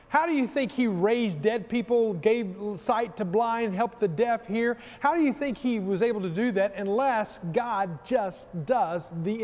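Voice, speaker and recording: A man's voice: sits high, a little mellow, long reverb tail. A man preaching a sermon as pastor, using emphatic repetition. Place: church sanctuary.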